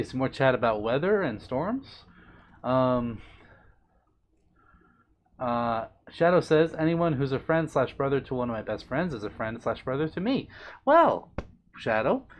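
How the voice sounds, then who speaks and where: A man casually chatting on a live stream, reading out chat messages in a playful, doting, bubbly way with big jumps in pitch. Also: slight background noise.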